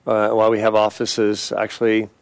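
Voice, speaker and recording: A man's voice: fairly low pitch, completely flat delivery, normal speed, clear, resonant tone, no room sound. Dry-sounding man, earnest interview guest. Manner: earnest, listing points steadily. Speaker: guest, attorney organization leader. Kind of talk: casual interview chat.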